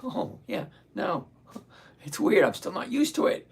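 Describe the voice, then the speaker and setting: Hoarse, gravelly man in his sixties. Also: on the high side, huge pitch swings, normal speed, darkish tone. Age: 60s. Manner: chatty, upbeat, explains step by step. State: hoarse, voice giving out. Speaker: livestream host. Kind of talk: live-stream teaching, chatting with viewers.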